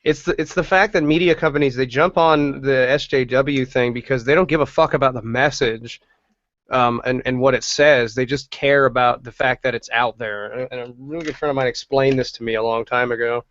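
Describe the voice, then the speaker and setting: A man's voice: medium pitch, steady tone, a little fast, a bit bright, no echo. A man chats on a livestream, rambling and swearing freely, laughing between thoughts. His mic sounds dry and a bit dull. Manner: laughs often, rambling and profane. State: coughing from asthma. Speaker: stream co-host. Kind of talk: casual profane chat.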